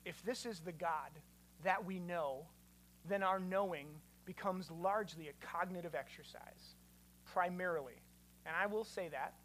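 Bright-voiced man preaching a teaching sermon. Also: sits high, a little hiss or hum. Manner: animated, quizzes the audience. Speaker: pastor.

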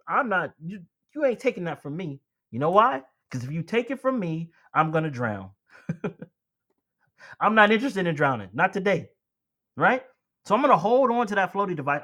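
A man's voice: sits high, fairly bright tone. A man preaching a sermon, talking to the congregation like friends, building to emphatic lines and easing back down. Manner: addresses listeners as beloved and friends.

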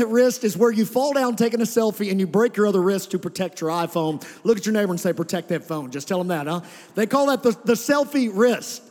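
A man preaching a sermon in a church, speaking conversationally and calling out to the congregation to respond. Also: high voice. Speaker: pastor. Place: church sanctuary. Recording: long hall reverb.

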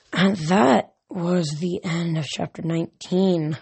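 A woman's voice: lowish voice, slow, creaky, few pauses, darkish tone, breathy edge. A woman reading a novel aloud earnestly, now and then stumbling and correcting a word. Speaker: reader.

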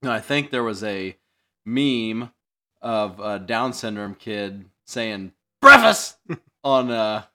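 A man's voice: lowish voice, slow pace, a bit bright. A man, co-hosting a podcast in casual chat who explains things and chimes in on his friend's stories. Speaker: podcast co-host.

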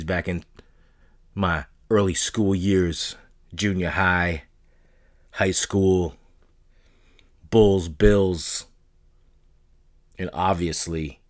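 A man's voice: low voice, takes it slowly, long pauses. Profane, rambling podcast host man. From northern New England. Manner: profane, rambling, jokey bravado. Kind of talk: casual podcast monologue.

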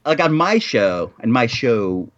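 A man co-hosting a podcast in casual chat, animated and joking, rambling through bits. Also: medium pitch, unhurried, muffled recording. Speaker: podcast co-host.

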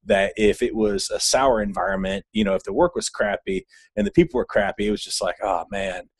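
A man's voice: on the low side, steady tone, brisk. A man in his fifties hosting a casual interview, reflecting on his working years and laughing easily.

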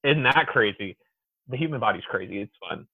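A man as a podcast guest in casual chat, an animated, exuberant storyteller. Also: fairly low pitch, fairly quick, gravelly, breathy edge, no echo. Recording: tinny phone-like dry sound.

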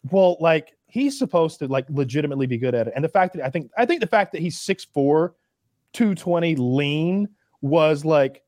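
A man's voice: a little high, lively intonation, moderate pace, darkish tone, no echo, studio quality. A man hosting a podcast, chatting casually and rambling through stories with plenty of swearing and restarts. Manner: rambling, profane storytelling with many restarts. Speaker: podcast host. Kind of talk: casual chat.

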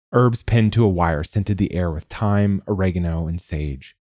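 A man narrating a novel in a measured, unhurried storytelling manner. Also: sits low, dark tone, no room sound, clean studio sound. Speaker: audiobook narrator. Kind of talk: scripted narration.

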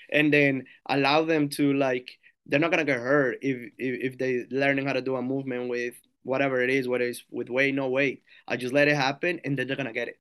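A man's voice: mid-range voice, fairly even intonation, moderate pace, fairly bright tone, smooth. Man with a colombian spanish accent. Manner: earnest, many restarts and repeated words, acts out his own coaching cues. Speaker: strength coach, podcast guest. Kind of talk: casual podcast interview.

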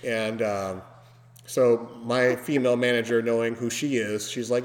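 A man hosting a podcast, telling a story casually and breaking into loud, animated mimicry of screams. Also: mid-range voice, a little slow. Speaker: podcast host. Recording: long hall reverb.

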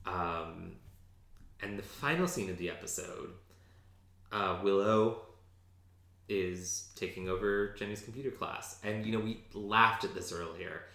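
A man's voice: on the low side, unhurried, sharp tone. A man hosting a podcast, chatting casually and rambling with lots of fillers. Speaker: podcast host recapping an episode. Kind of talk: casual chat. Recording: echoey room.

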